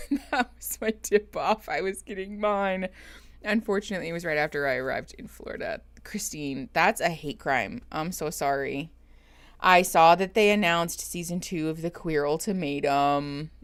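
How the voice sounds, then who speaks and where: A woman's voice: on the low side, fairly bright tone. A woman therapist chatting casually on a live stream, greeting viewers and laughing often. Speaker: therapist streaming reaction show.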